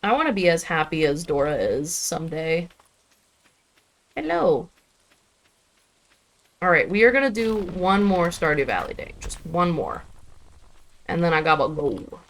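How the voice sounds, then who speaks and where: A woman's voice: fairly low pitch, very animated, unhurried, long pauses. A young adult woman chatting casually on a live game stream, rambling about her day and switching to baby talk with her cat. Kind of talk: casual live-stream chat while gaming.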